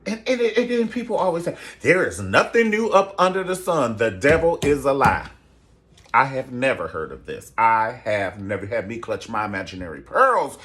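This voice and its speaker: A man hosting a casual gossip commentary show, sassy and theatrical, jumping into high falsetto exclamations. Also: very animated, moderate pace, fairly bright tone. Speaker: show host.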